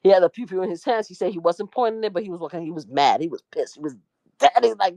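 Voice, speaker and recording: Racing along with no echo, a middle-aged media personality gives a casual, slang-filled, animated rundown of a trial, shifting into high-pitched voices whenever she quotes someone.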